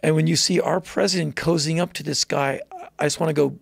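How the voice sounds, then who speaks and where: A man with a fairly high, gravelly and husky voice tells a story in casual podcast chat. He gets animated and jumps into loud high voices when he quotes people. The sound is dry and close to the mic. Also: fairly quick, no room sound. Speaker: podcast guest.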